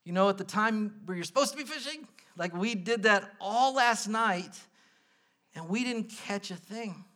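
A male pastor delivers a casual, lively sermon with a high, clear voice. His tone is bright and forward, and he jumps between earnest points and quick, playful asides. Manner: conversational, animated preaching with asides and quick bursts.

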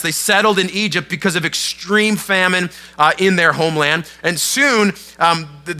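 A man delivers a sermon with a very bright, forceful tone and a fairly high pitch. He tells the story in a casual, animated way, full of asides to the room. Faint music plays behind him. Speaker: pastor.

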